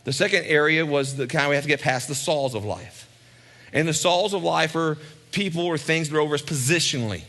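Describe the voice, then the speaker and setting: A man's voice: a little high, brisk, sharp tone. A male pastor preaching a sermon in a conversational way, with asides and repeated lines for emphasis.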